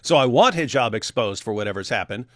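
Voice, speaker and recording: A man's voice: mid-range voice, lively intonation, a little fast, a bit bright, no room sound, studio quality. A man hosting a casual live stream, reading viewer comments aloud, laughing often and restarting his sentences. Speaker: host.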